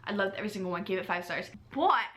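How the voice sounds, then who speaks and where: A young woman book vlogger chatting casually, bubbly and excitable, with sudden squeals. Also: mid-range voice, quick pace. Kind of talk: casual reading vlog.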